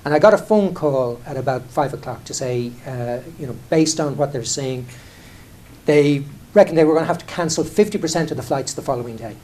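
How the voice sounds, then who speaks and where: A middle-aged Irish airline executive speaks a little fast in a darkish voice on the high side, sharing candid, self-deprecating stories from the stage. It's conversational talk, peppered with restarts and "you know".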